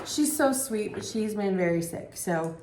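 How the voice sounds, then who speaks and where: A woman's voice: mid-range voice, unhurried. A woman in her thirties co-hosting a stitching show, chatting casually and telling stories with lots of laughter. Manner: chatty, laughing, animated storytelling. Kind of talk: casual chat. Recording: echoey room, faint noise.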